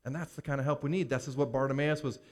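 A male pastor delivering a sermon in a mid-pitched voice. He builds his points through rhetorical questions and briefly acts out the voices of the people in his stories. His pacing rises and falls like a preacher working his congregation. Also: steady tone, rapid-fire. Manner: preacher's rhythm, rhetorical questions, voices Bible figures in quotes.

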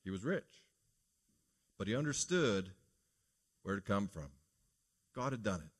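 A man's voice: on the low side, big pitch swings, a little slow, breathy edge. Earnest male pastor preaching a sermon. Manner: earnest, preacherly, rhetorical questions to the congregation.

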